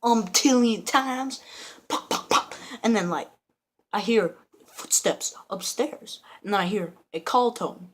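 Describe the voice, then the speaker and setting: A woman's voice: medium pitch, lively intonation, measured pace, a little hiss or hum. A woman vlogger telling a rambling, joking made-up story with lots of slang, giggling and mumbled asides.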